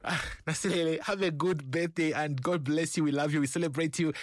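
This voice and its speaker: A man's voice: fairly high pitch, steady tone, fairly quick, dry recording. A man hosting a Christian radio show, upbeat and effusive, talking from a studio mic. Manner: effusive, warm-hearted and exclamatory.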